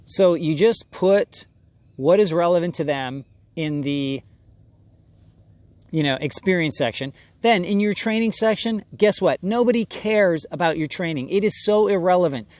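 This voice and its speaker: A man's voice: sits high, a little slow, darkish tone, no room sound. A man coaching actors in an emphatic, conversational way, often acting out brief voices of casting people. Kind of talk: direct-to-camera acting advice.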